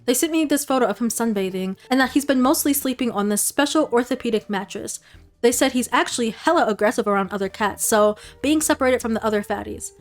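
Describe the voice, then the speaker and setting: A woman's voice: fairly high pitch, fast talker. A woman hosting a commentary video, reading online posts aloud with casual conversational asides. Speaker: commentary YouTuber.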